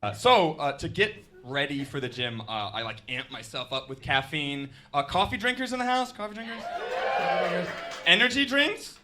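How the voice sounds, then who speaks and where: A man performing a stand-up set, working the crowd with lively energy and laughing through his lines. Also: on the high side, moderate pace, hardly any pauses, background noise. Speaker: stand-up comedian.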